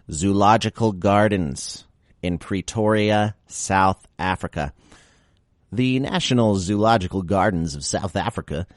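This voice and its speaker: A man's voice: low voice, no echo, studio quality. A male podcast host reading out a list of facts and breaking off into wry, sarcastic asides.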